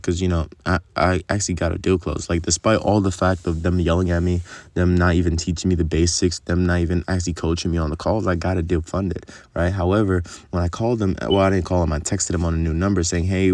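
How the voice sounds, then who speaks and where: A man's voice: sits low, darkish tone, no room sound. A young man telling a long, rambling story in casual, profane vlog talk, full of fillers.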